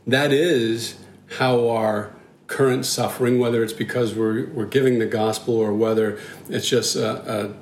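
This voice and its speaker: A man who is a church leader, talking thoughtfully in a casual discussion with halting restarts. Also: mid-range voice, steady tone. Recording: roomy with faint noise.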